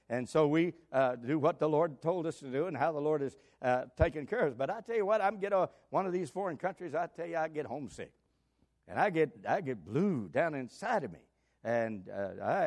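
Older man, preacher, emphatic sermon, loud then soft, fairly high voice. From United States. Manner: emphatic, swinging between loud exclamations and soft asides.

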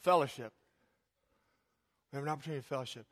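A man preaching in a church, joking with the congregation, calling on people by name, then dropping into a soft, earnest tone. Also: medium pitch, fast talker. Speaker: pastor. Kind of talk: sermon. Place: church sanctuary.

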